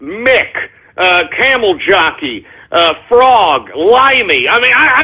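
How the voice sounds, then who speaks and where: A man hosting a call-in radio show, loud and boastful, ranting at listeners. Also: sits high, big pitch swings, takes it slowly, breathy edge. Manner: loud, boastful, shouting and cackling. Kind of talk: brash call-in radio rant. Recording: tinny phone-line radio audio with faint music.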